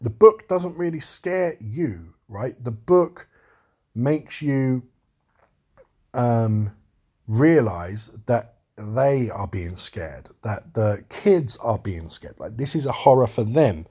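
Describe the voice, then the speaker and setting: A man's voice: mid-range voice, expressive, slow, a little mellow, breathy edge. A man giving a casual, rambling film review, talking frankly and swearing freely.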